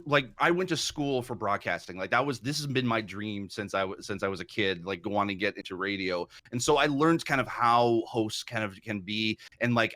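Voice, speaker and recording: A young man from Canada telling an animated story in a casual group chat, acting out quotes. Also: mid-range voice, no room sound. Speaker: panelist.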